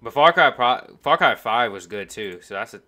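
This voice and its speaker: A man's voice: medium pitch, animated, normal speed, bright, forceful tone. A man giving casual, joking reaction commentary with offhand asides. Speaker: reaction video host.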